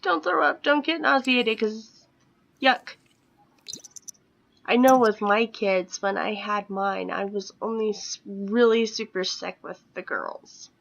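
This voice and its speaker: A woman's voice: medium pitch, takes it slowly, gravelly, muffled recording. A woman in her thirties chatting casually at home while playing a life-sim game, often dropping into a whisper. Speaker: gaming vlogger. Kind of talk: casual gameplay commentary.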